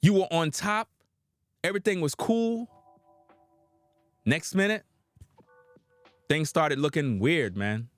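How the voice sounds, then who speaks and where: A man delivering street-style preaching commentary in an emphatic, slangy way with drawn-out dramatic pauses. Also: a little high, lively intonation, no echo, soft background music.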